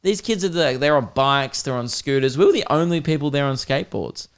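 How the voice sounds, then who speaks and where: A man's voice: medium pitch, brisk, smooth. A young man hosting a podcast, telling a comic story in a casual, profane and laughing way with mock outrage. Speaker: podcast host.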